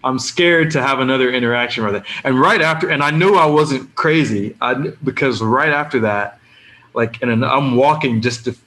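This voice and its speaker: A man, a guest on a podcast, telling anecdotes in a lively, casual way and acting out the people he quotes. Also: mid-range voice, moderate pace. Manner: animated storyteller who acts out the people he quotes.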